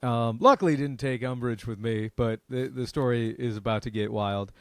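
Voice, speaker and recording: A man, a comedian and podcast co-host, telling a profane story in lively casual chat. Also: mid-range voice, normal speed, dry recording, studio quality. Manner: animated, profane, acts out other people's lines.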